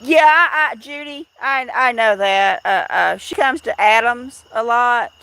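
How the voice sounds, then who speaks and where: A woman's voice: on the high side, takes it slowly, pushed and bright. A middle-aged woman chatting on a casual outdoor live stream, rambling and greeting viewers by name. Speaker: livestream host.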